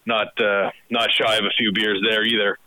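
A middle-aged man from Canada talks easily about running his restaurant, dropping a joke here and there. His voice is bright and forward, recorded dry with no room around it. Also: lowish voice, little pitch movement, normal speed, smooth, no room sound, poor audio. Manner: easygoing, jokey. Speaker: restaurant owner guest. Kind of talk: casual interview over a call.

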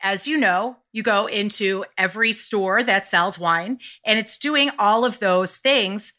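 A woman's voice: mid-range voice, unhurried, bright, forceful tone. A woman hosting a podcast interview, asking questions and reacting eagerly. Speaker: podcast host.

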